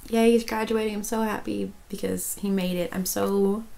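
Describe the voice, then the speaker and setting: A woman's voice: medium pitch, steady tone, moderate pace, gravelly, dark tone, slight background noise, low-quality recording. A woman, chatting casually as a crochet vlogger, rambling with many restarts and turning emotional. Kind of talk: casual chat.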